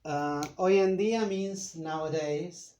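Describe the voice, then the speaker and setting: A man with an Argentine accent teaching a Spanish lesson in English, explaining step by step with many pauses and fillers. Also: on the high side, a little mellow. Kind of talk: slow bilingual language lesson.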